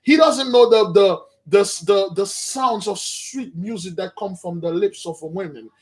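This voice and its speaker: A man's voice: sits high, unhurried. A man voicing a lazy, pleasure-loving young king who talks in a dismissive, slangy drawl. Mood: annoyed.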